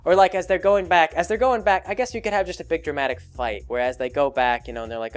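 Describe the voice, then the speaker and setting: Brief: young man, slightly high voice, rambling comic storyteller, faint music behind. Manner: rambling, full of restarts, acting out characters in quick bits. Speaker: comedy podcast host.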